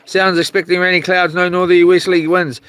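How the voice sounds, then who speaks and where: This fishing livestreamer speaks quickly and flatly in a high, fairly bright, smooth voice while streaming outdoors by the sea. He rambles casually, reads out viewers' names to greet them, and swears lightly.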